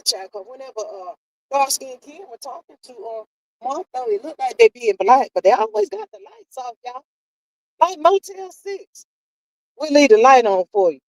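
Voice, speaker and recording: A woman's voice: extremely high pitch, a little mellow, no echo, poor audio. A woman, hosting a live stream and gossiping casually with viewers, sassy and drawling, calling everyone child and honey. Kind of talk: casual gossip chat reading viewer comments.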